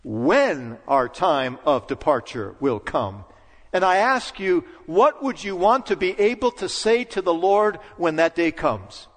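A middle-aged man giving an earnest sermon as pastor, pausing for emphasis. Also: fairly high pitch, sing-song. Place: church sanctuary. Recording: long church reverb.

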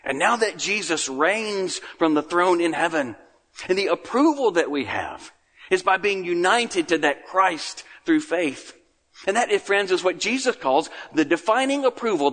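A man preaching a sermon as pastor, earnest, lifting his voice for emphasis and then dropping to a hush. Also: fairly high pitch. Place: church sanctuary. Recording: long reverb of a large room.

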